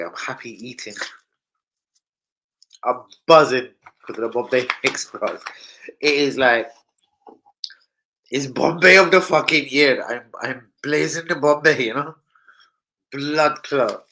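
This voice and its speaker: A man's voice: medium pitch, a little slow, pauses often, low-quality recording. A man from London with a London accent, chatting on a live football stream and telling rowdy, swear-filled stories. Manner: loud, swearing storyteller, jumps into shouting. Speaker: football channel host. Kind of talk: casual live-stream chat.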